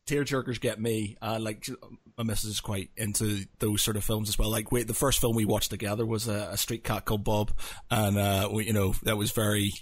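A man's voice: lowish voice, brisk. A man hosting a podcast, chatting casually and telling stories with frequent laughter. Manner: laughing, animated storytelling. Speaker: podcast host. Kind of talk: casual chat.

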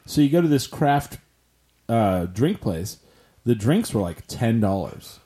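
A man's voice: mid-range voice, very animated, unhurried, dark tone. A young man co-hosting a casual chat, telling stories with acted-out quotes and casual swearing.

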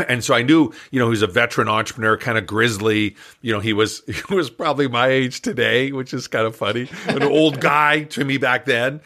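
An older man with a bright, forceful voice, recounting a business story as a podcast guest. He tells it with energy, putting on voices for the people in it and chuckling along the way. The pitch sits at a middling level for a man. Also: brisk. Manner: animated storyteller who acts out dialogue, chuckling. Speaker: guest entrepreneur and business coach.

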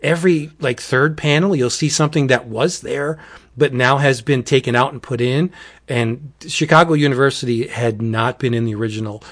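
Speaking at a moderate pace in a mid-range voice, a podcast host chats casually about a wacky horror comic. He tells it animatedly, acts out its quotes, and says "wackadoodle."

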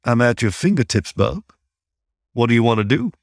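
A man's voice: mid-range voice, big pitch swings, normal speed, gravelly, no room sound, studio quality. A man doing a teasing older rabbit teacher. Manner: easygoing and folksy teasing.

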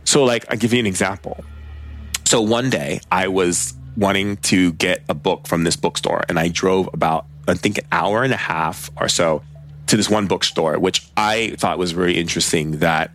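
Deep-voiced man, rambling casual storyteller. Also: normal speed, a bit bright, slight background noise. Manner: rambling, filler-heavy, conversational.

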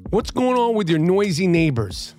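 Middle-aged New man, high-pitched and very animated, profane comic rant. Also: normal speed, soft background music. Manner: animated, loud, profane, swings between shouting and muttering. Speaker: comedian ranting to camera.

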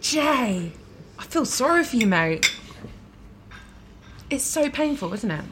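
A woman's voice: high voice, very animated, slow, noisy background. Bubbly woman chatting over dinner. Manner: bubbly, frank, laughs easily. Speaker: musician guest. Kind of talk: casual chat over a meal. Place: dinner table. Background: clinking cutlery and dishes.

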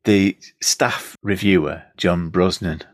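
Male podcast co-host, very low voice, dry close sound, casual film talk. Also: steady tone, takes it slowly, no echo. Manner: reads review excerpts aloud, thoughtful.

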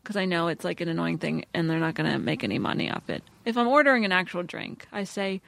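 Animated, gravelly-edged woman podcast host. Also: fairly low pitch, quick pace, few pauses, no room sound. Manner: animated, wry, drops to a mumble. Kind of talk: casual chat.

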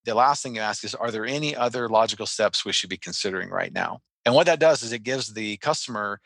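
A man on a podcast explaining a sales method and telling an animated story, acting out his own reactions. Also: fairly low pitch, quick pace, vocal fry, no echo. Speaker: sales trainer guest.

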